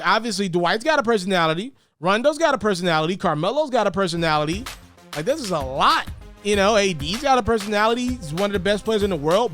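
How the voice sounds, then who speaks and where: A man giving casual, animated basketball commentary, often repeating words and jumping up in pitch for emphasis.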